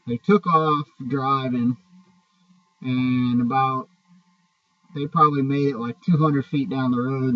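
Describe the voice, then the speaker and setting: A man who drives a truck, casually telling a story from the road with frequent swearing and restarts. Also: mid-range voice. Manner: rambling, profane, restarts often. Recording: dull, distant mic.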